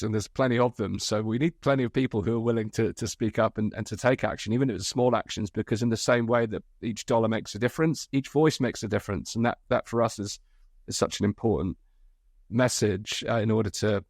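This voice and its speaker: A man's voice: lowish voice, vocal fry, a little mellow, no room sound, clean studio sound. A man hosting a podcast interview, agreeable and given to short affirmations. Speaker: podcast host.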